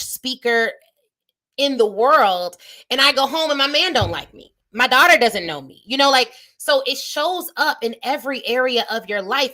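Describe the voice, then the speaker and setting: A woman in her thirties, a business coach and show host, gives a motivational talk on a live stream through a phone or webcam. Her voice sits high and sharp, and she speaks emphatically and directly to viewers, almost like a preacher.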